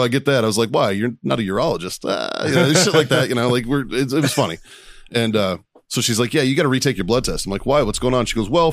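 A man's voice: mid-range voice, no room sound. A man hosting a podcast in casual chat, telling a story with lots of laughs and swearing. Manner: animated storytelling, laughs a lot, swears freely. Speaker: podcast host.

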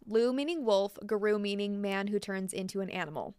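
Woman, podcast host, storytelling, playful asides, smooth clear voice, dry close sound. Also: medium pitch, fairly quick, a little mellow, dry recording. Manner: chatty, playful asides between spooky tales.

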